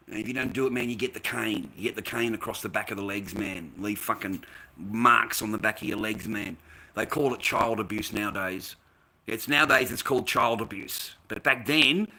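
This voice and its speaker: A man's voice: on the low side, pushed and bright, rough recording. An Australian man livestreaming from home, ranting bluntly and profanely at his chat. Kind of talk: casual livestream rant.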